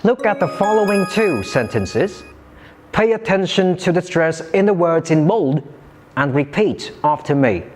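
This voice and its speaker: A man teaching English pronunciation in a slow, careful, clearly articulated scripted lesson. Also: fairly high pitch, lively intonation, soft background music.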